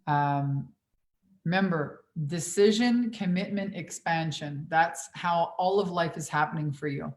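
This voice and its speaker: Woman in her 40s coaching live, swears a lot, punchy and animated, voice sits a bit low. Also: unhurried. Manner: profane, emphatic, animated. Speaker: business coach. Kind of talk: livestream Q&A.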